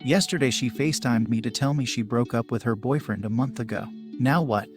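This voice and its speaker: A man reading submitted relationship stories aloud as scripted first-person narration, with sudden rises in pitch and force. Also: fairly quick, faint music behind.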